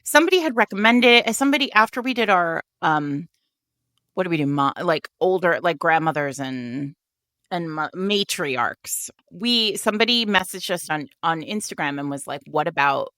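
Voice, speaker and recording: Woman, podcast co-host, casual chat, lowish pitch, very expressive intonation, playful, rambling. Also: normal speed, no room sound, studio quality.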